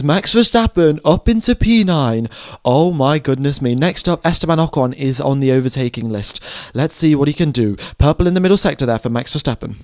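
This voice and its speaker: A young man giving live motorsport commentary on a stream, excitable and chatty, talking straight to his viewers. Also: medium pitch, brisk, dry recording, studio quality. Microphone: headphones on, home streaming mic.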